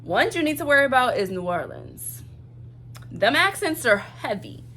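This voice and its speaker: A woman's voice: high-pitched, very animated, normal speed, pushed and bright, a little hiss or hum. Blunt, profane Southern woman vlogging. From Louisiana. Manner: blunt, profane, emphatic repetitions. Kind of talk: casual chat to camera.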